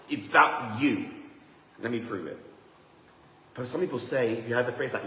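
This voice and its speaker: Animated rabbi in an echoey hall. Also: male voice, medium pitch, normal speed, pauses often. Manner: animated, joking, self-deprecating. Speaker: rabbi, seminar teacher. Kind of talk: lively Torah seminar talk. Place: room with a live audience. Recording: echoey hall, faint noise.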